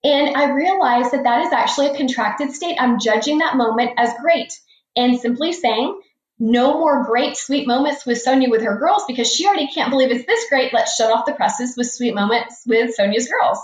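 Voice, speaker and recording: A woman's voice: sits high, lively intonation, normal speed. A woman in her forties, a guest financial coach, telling personal stories in an earnest way and repeating key phrases for emphasis. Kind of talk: podcast interview storytelling. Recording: echoey room, dull lo-fi sound.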